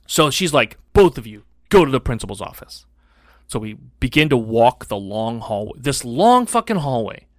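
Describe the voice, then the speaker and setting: A middle-aged man on a podcast, telling a childhood story in a casual, animated, profane way and acting out the other people's lines. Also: medium pitch, normal speed, no room sound, clean studio sound. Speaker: podcast co-host.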